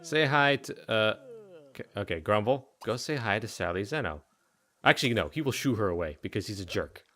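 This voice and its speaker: Bright-voiced joking gameplay commentator. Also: male voice, on the low side, animated, fairly quick. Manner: joking, rambling, talking to game characters. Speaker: let's play host.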